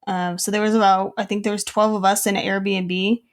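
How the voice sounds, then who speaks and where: A woman co-hosting a podcast, telling a story in casual chat, giggly and animated, full of "like" and "um". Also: mid-range voice, a little fast. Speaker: podcast co-host.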